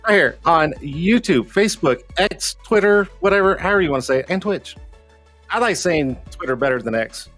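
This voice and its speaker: A man's voice: a little high, lively intonation, moderate pace, a bit bright, soft background music. A man hosting a casual live online show, joking and teasing his guests and laughing often. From Colorado. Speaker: livestream show host.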